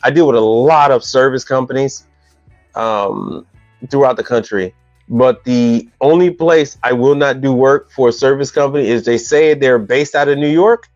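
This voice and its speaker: A man talks casually on a live stream, joking and teasing as he rambles through business questions in loose slang. His voice sits at an ordinary pitch. The sound is dull and dry, with faint music playing behind him. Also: normal speed, no room sound.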